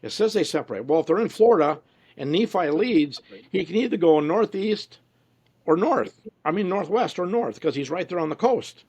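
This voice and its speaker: A man's voice: high voice, lively intonation, moderate pace, darkish tone. A man being interviewed, talking casually and telling stories, often quoting people he met. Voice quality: gravelly, husky. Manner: storytelling, quoting others in voices. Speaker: interview guest, researcher.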